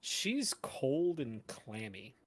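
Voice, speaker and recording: A young man in his twenties runs a tabletop game at a slow, deliberate pace. His voice sits in an ordinary middle range, and his scene-setting comes out hesitant and full of pauses. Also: medium pitch, very animated. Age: 20s. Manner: unhurried, hesitant narration with fillers. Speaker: game master.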